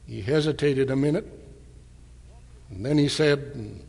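A man giving a storytelling address at church, slowly and deliberately retelling a conversation. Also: mid-range voice, vocal fry, darkish tone, breathy edge. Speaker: church speaker. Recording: long hall reverb.

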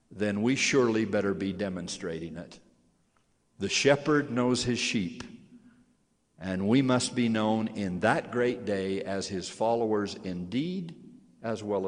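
A man giving a sermon to young church members, earnest and solemn, swelling in force on key phrases. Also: lowish voice. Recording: long hall reverb.

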